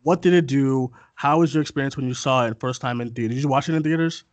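A young man chats loosely as a podcast host, circling back on his words with plenty of fillers and restarts. His voice sits at an ordinary middle pitch. The sound is dry and close, with no room in it. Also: quick pace, no room sound. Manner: rambling, frequent fillers and restarts. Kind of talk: casual interview chat.

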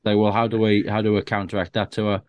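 Low-voiced man telling comedy-club stories. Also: flat delivery, fast, lo-fi sound. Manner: chatty, self-deprecating, with restarts and acted-out quotes. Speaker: stand-up comedian guest. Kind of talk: casual conversational anecdotes.

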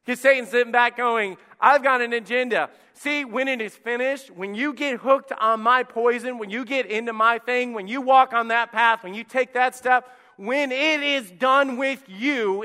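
High, bright-voiced preaching man. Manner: impassioned preaching, swinging from soft to loud. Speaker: pastor. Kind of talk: sermon. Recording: echoey church hall.

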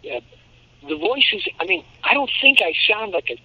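A man in his seventies, a voice actor telling animated, jokey stories in an interview. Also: high voice, moderate pace, no room sound. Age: 70s. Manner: animated, jokey storyteller who slips into demo voices. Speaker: voice actor guest. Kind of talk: anecdotal interview talk. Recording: muffled lo-fi audio.

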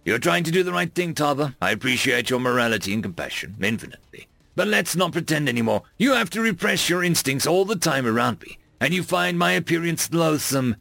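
A man's voice: a little high, sing-song, a little fast, creaky, hardly any pauses, pushed and bright, no echo, pitched above the performer's own voice, exaggerated voice. A man voicing a tired, irritable human ambassador who speaks sternly and bluntly.

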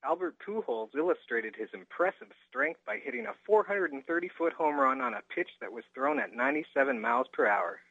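A man's voice: sits high, big pitch swings, fairly quick, creaky, few pauses, pushed and bright, breathy edge, dry recording, heavily acted. A man voicing a stiff, formal male translator persona who talks in stilted, precise phrases over a dull, muffled line.

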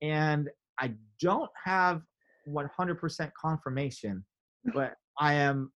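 A man telling a story in casual chat, animated, acting out his own quotes with big jumps in pitch. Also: slow, highs cut off.

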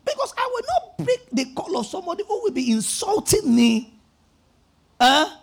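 A male pastor preaching a sermon, telling stories animatedly and rising to emphatic shouts. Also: very high-pitched, moderate pace, gravelly. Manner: animated storytelling, acting out phone conversations.

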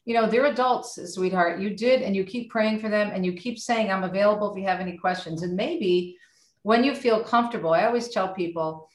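A middle-aged woman, a radio host, chatting with warm encouragement in a casual podcast conversation. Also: medium pitch, brisk. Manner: warm, animated and encouraging, speaks of faith. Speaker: radio host and author guest. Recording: roomy echo.

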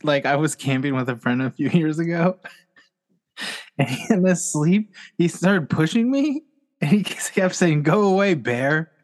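A man's voice: on the high side, unhurried, a little mellow. A man co-hosting a comedy podcast, chatting casually and laughing often as he talks. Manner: giggly, laughs often while talking. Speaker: podcast co-host.

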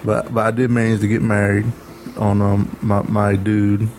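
A man's voice: on the low side, monotone, normal speed, a little mellow, a little hiss or hum. A man chatting in an easygoing, rambling way as co-host of a podcast segment. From Kentucky, US. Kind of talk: casual chat. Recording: music playing underneath.

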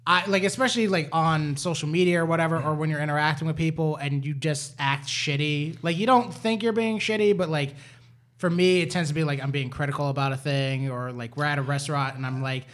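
Guy with a kinda high voice, chill, thinking out loud about himself. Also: fairly even intonation, a little fast. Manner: reflective, thoughtful. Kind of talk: casual chat.

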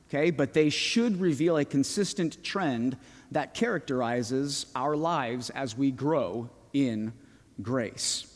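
A man with a slightly high voice preaches a sermon at an unhurried pace, leaning on key words and putting questions to his listeners. His voice rings out with a long reverb, as in a church sanctuary. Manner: slow, emphatic preaching with questions to the congregation. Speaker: pastor.

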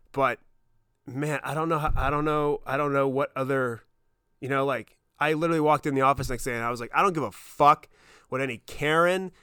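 A man in his thirties hosting a podcast, telling a personal story in a casual, excited way, swearing often and getting choked up. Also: mid-range voice, clear, resonant tone, no room sound, studio quality. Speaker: podcast host.

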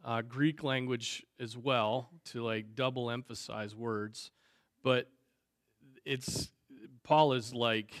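A man leading a Bible discussion, thinking aloud at a measured pace with frequent fillers. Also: medium pitch, no room sound, clean studio sound. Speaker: Bible teacher. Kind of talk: teaching discussion on Scripture.

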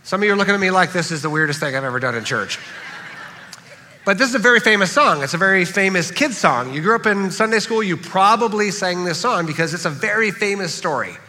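A pastor preaching a sermon in a church, animated and acting out the voices of the people he quotes. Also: sits high, quick pace, in a large hall, a little hiss or hum. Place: church sanctuary.

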